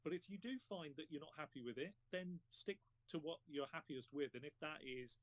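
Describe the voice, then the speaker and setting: A man hosting a casual panel chat about running games, talking in an encouraging, unhurried way. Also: on the high side, dry recording. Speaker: panel host.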